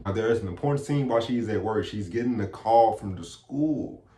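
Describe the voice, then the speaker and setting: A man's voice: fairly low pitch, fairly quick. Slangy man recapping a movie, echoey. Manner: slangy, animated, retelling. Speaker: movie reviewer. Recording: echoey room.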